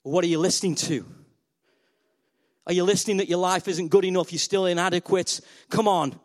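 A male pastor preaching a sermon in a playful, energetic way and speaking directly to the congregation. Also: high-pitched, brisk.

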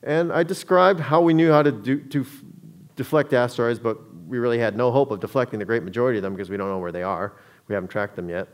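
A man's voice: medium pitch, fairly even intonation, fast talker. A man giving a public talk to an audience, telling a story in a conversational way with frequent restarts.

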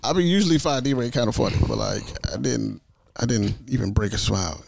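Gravelly laid-back man in casual chat. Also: medium pitch, fairly quick, a little mellow, slight background noise. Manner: laid-back, laughs often, slangy. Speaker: podcast co-host.

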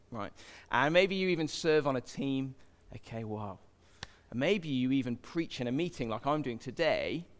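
A man preaching a sermon in a church, chatting with the crowd and asking it questions. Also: on the high side. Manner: conversational, asks the crowd questions. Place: church hall. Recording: long hall reverb.

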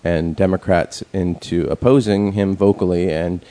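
A man's voice: deep voice, steady tone, normal speed, mellow. A man in a casual chat, rambling with many fillers and restarts and speaking bluntly, with some profanity.

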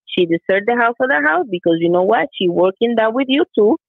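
A woman's voice: on the high side, animated, fairly quick, creaky, no echo. A woman talking casually, hesitant and repeating herself, often breaking into laughter. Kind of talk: casual conversation. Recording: tinny phone line.

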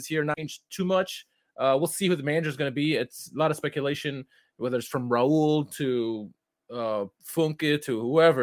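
A man's voice: a little high, no room sound, clean studio sound. Rambling casual podcast host, man. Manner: rambling, self-correcting, loose. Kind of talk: casual football podcast chat.

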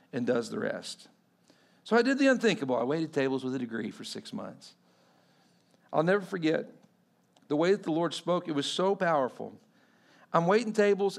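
A man in his forties from Texas, preaching a sermon and telling a personal story, acting out the people he quotes and swinging between loud and hushed delivery. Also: a little high, gravelly. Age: 40s. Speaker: pastor.

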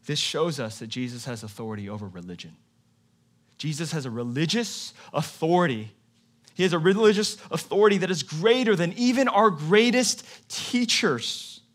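A male pastor giving a sermon in a conversational way, moving between quiet, low passages and emphatic, louder ones. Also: lively intonation, normal speed.

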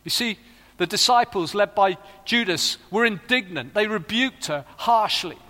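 A man's voice: high-pitched, animated, measured pace, pushed and bright. A middle-aged man preaching a sermon, earnest and rising to fervent appeals. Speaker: pastor. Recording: long reverb of a large hall.

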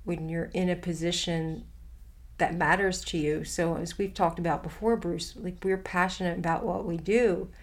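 A woman's voice: lowish voice, steady tone, moderate pace. A woman co-hosting a talk show, speaking in a reflective, earnest way in long flowing sentences. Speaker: podcast co-host. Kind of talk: casual conversational chat.

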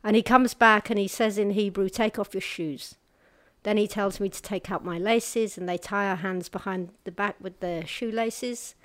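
Telling her personal testimony to an audience, a woman speaks earnestly and haltingly, restarting and pausing in hushed tones at difficult points. Her medium-pitched voice has a steady tone as she vividly shifts between brisk stretches and slow, quiet ones, and the sound is dry and close with no room sound.

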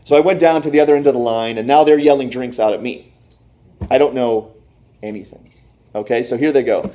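Guy preaching, animated storyteller, mellow warm voice. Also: medium pitch, brisk. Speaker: pastor. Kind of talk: sermon with personal story.

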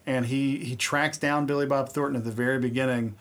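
A man's voice: medium pitch, fairly even intonation, a little fast. A man co-hosting a comedy podcast from a studio, telling crude stories in casual chat. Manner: crude storytelling with acted quotes. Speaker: podcast co-host.

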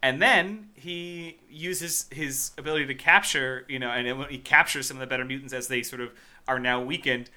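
A man's voice: medium pitch, steady tone, normal speed, pushed and bright. A man co-hosting a casual movie review podcast, recapping scenes with wry, profane exasperation. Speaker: podcast co-host.

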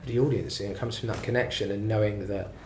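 A man with a low voice talks through his career as a singer-songwriter in a loose, rambling way, quick to poke fun at himself. The recording sounds roomy, with some echo. There is a faint hum of ambience behind him. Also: fairly even intonation, a little mellow. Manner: rambling, self-deprecating storytelling. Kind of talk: casual interview chat.

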